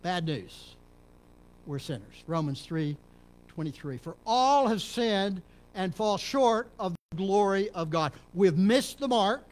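A middle-aged pastor from Texas preaches a sermon with a fairly high, very lively pitch that roams up and down. He sinks into quiet murmurs, then climbs to loud, emphatic peaks. A faint hum of the room sits behind him. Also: slow. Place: church sanctuary.

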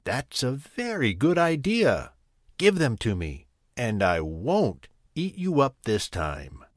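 A man's voice: medium pitch, huge pitch swings, slow pace, no room sound, studio quality. A man voicing a hungry, boastful tiger in a children's story, threatening and vain.

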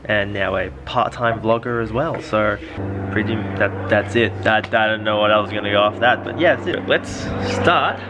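A man's voice: on the low side, normal speed, music in the background. A man with an Australian accent, talking casually to a handheld camera in his car as a first-time vlogger, rambling and joking at his own expense. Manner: rambling, joking, self-mocking. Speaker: personal trainer vlogging his day.

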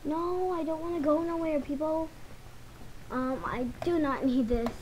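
High-pitched girl chatting to viewers while gaming, rambly and casual. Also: unhurried, a little mellow, slight background noise, rough recording. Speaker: gaming channel host. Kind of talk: casual commentary over gameplay.

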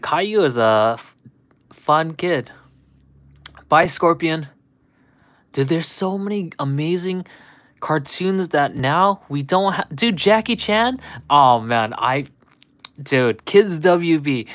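A man's voice: medium pitch, fairly bright tone, no room sound. Man rambling in nostalgic livestream chat. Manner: nostalgic, rambling, says dude a lot. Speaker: livestream host. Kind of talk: casual chat with live viewers.

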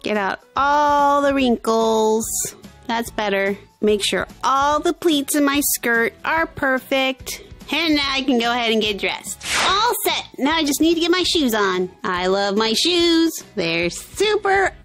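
A woman voicing a moody teenage girl with an inner red panda in toy pretend play, swinging between whiny outbursts and forced calm. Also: high-pitched, unhurried, soft background music. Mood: chipper.

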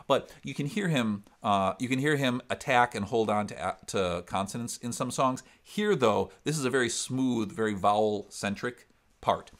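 A man with a mid-range, resonant voice and an upper Midwest American accent talks at normal speed. A singer and vocal coach, he walks through singing technique step by step in a vocal lesson, breaking into sung demonstrations.

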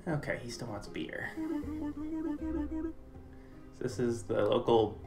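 A man's voice: mid-range voice, steady tone, takes it slowly, vocal fry, music in the background. A young man doing chatty live gameplay commentary for a charity stream, reading game dialogue aloud.

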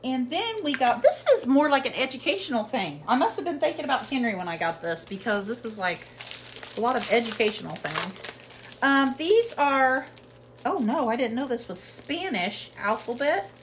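A high-pitched, expressive woman talks at a normal pace, rambling through a casual product haul in her home kitchen with lots of fillers. A faint hiss or hum sits under the recording.

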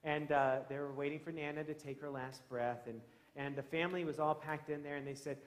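A man who is a pastor, telling a story, growing hushed and then loud as the story turns. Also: a little high, steady tone, brisk, few pauses. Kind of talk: storytelling sermon. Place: church sanctuary. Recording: echoey church room.

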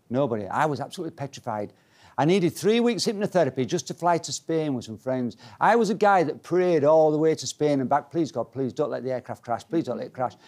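A man's voice: on the high side, darkish tone. A man giving a humorous motivational talk to a live audience, playful and self-mocking, teasing the crowd. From Yorkshire, England. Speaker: speaker.

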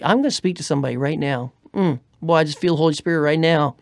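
A woman preaching on a radio show, fervent and exhorting, often dropping to a hushed whisper. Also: lowish voice, lively intonation, a little fast, hardly any pauses, no room sound, studio quality. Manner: fervent, swings between loud urging and hushed whispers.

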